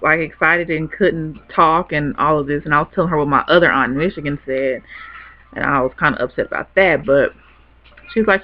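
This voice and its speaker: A woman's voice: low voice, fairly quick. A young woman telling a personal story in a rambling, chatty way, laughing easily. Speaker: vlogger. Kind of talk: casual storytelling to camera. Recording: dull lo-fi webcam audio.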